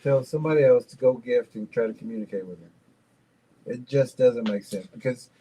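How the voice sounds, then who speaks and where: A man co-hosting a reaction video, calmly retelling and explaining a story in casual commentary. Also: medium pitch, brisk, breathy edge, poor audio.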